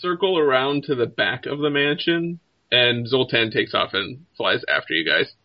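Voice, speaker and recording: A man runs a tabletop game, describing the scene in loose, rambling narration full of small restarts. His pitch sits mid-range for a man. The recording is slightly dull and lo-fi. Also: normal speed, no echo. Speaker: game master.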